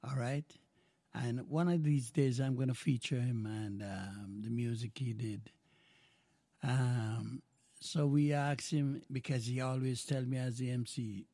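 A man's voice: mid-range voice, slow, warm tone, dry recording. An older man from Jamaica with a Jamaican accent, hosting a radio show in a rambling, folksy chat that slips into patois. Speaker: radio host.

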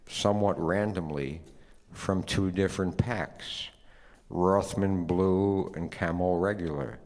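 Deep-voiced male narrator, measured and wry, long reverb. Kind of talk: literary story reading.

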